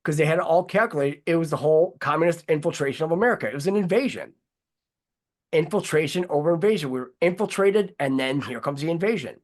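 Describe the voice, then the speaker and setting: A man's voice: a little high, lively intonation, fast. A man hosting a casual talk show, talking in long, heated, rambling runs and swearing freely. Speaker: host.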